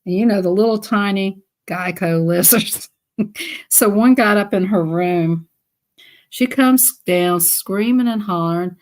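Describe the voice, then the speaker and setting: A woman's voice: medium pitch, unhurried, a little mellow. A woman telling casual stories on a live stream, chatty and laughing often as she acts out voices. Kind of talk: casual storytelling.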